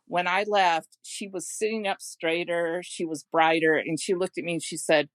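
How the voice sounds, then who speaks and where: A middle-aged woman, a home care consultant, telling personal stories in a podcast interview in an earnest, gentle way. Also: fairly low pitch, normal speed, dry recording. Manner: earnest and gentle, with frequent restarts.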